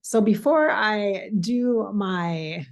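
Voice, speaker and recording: A woman with a slightly raspy, hoarse voice, chatting casually and emotionally to her viewers, laughing at herself and rambling. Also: mid-range voice, lively intonation, extremely slow, lo-fi sound. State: a bit hoarse. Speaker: spiritual channel host. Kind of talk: casual vlog talk to viewers.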